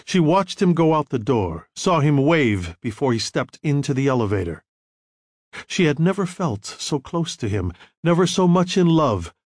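A man narrating a novel as an audiobook, in measured, expressive storytelling. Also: fairly high pitch, dry recording, studio quality. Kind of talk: scripted narration.

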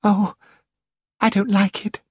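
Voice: mid-range voice, level tone, takes it slowly, husky, no echo, clean studio sound, voice pushed up. A reader voicing a nervous, timid young woman who protests her innocence, in an audiobook. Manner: nervous, pleading. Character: short young woman, timid and easily startled. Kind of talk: audiobook character voice.

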